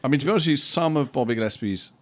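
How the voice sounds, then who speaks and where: A man on a podcast, chatting casually with his co-host. He keeps a dry, teasing tone and is quick to turn things into a joke. His voice sits at an ordinary middle pitch. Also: animated. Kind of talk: casual chat.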